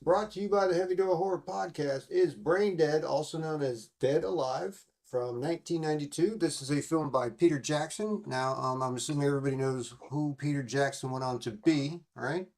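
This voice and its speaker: A man with a fairly high voice hosts a podcast and walks through a film scene by scene. His talk is loose and rambling, with lots of fillers and plenty of cursing. He keeps a casual, offhand chat style throughout. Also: moderate pace, few pauses, darkish tone. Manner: rambling and profane, full of fillers. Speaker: podcast host.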